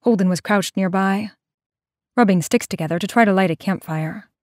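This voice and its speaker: A woman narrating an audio drama in a slow, measured storytelling manner. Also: medium pitch, no echo, clean studio sound.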